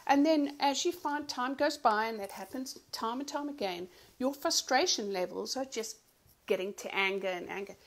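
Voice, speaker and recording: A woman's voice: on the high side, moderate pace, vocal fry. A woman coach giving a live online workshop talk, chatty and conversational, often laughing and greeting viewers by name. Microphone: home computer mic on a live stream.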